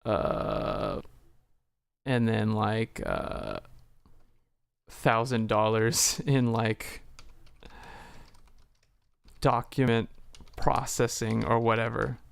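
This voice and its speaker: Casual swearing streamer dude, gravelly fry in his voice, typing in the background. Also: lowish voice, animated, very slow, long pauses, no echo. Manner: rambling, swears casually, many fillers; acts out both sides of conversations. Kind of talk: casual livestream chat.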